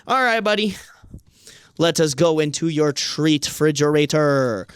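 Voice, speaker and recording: A man's voice: on the high side, clear, resonant tone, dry recording. A man streaming live from home, chatting casually and cooing in playful baby talk to his cat, swearing freely. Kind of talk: casual livestream chat.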